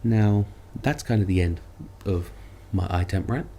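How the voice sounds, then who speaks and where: An online video maker rants about fellow creators, sarcastic, rambling and poking fun at himself. His mellow voice sits low and moves a bit slowly, with faint background noise behind it.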